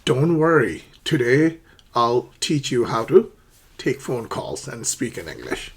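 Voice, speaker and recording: Husky-voiced man teaching English. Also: mid-range voice, very animated, a little slow. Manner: acts out both sides of phone calls, in a raised, brighter voice for the quoted lines. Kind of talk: spoken English lesson.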